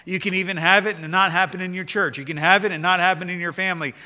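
Bright-voiced preacher in a reverberant hall. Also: male voice, sits high, steady tone, fast talker. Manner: preaches with rising emphasis, reads scripture aloud. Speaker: pastor. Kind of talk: sermon.

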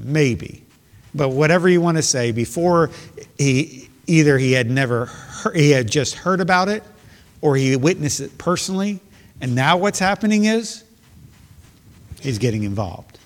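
A man's voice: a little high, expressive, normal speed. Emphatic preaching man, echoing hall. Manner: earnest, emphatic preaching with repeated phrases. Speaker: pastor. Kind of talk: sermon. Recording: long hall reverb.

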